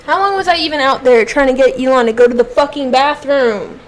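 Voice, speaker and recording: A young adult woman streamer chatting casually while she plays, ranting with heavy swearing and switching to soft baby talk with her dog. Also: high-pitched, fairly quick, low-quality recording. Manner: exasperated, heavily profane ranting. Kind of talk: casual live-stream chat.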